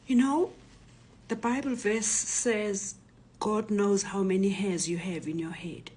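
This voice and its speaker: A woman in her sixties with a South African accent, a retired professor telling her own story in a hushed, often whispery voice. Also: medium pitch, slow pace, breathy edge. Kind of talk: personal testimony.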